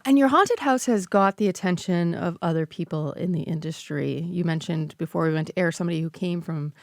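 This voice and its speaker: A woman hosting a radio interview, asking the guest questions in a relaxed, conversational way. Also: on the low side, fairly quick, no room sound, studio quality. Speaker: radio host.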